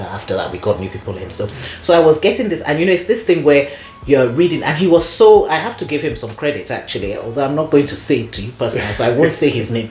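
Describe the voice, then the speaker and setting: A woman guest telling stories in casual conversation, animated and laughing often, with lots of "you know" fillers. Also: extremely low pitch. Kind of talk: conversational storytelling. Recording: echoey room.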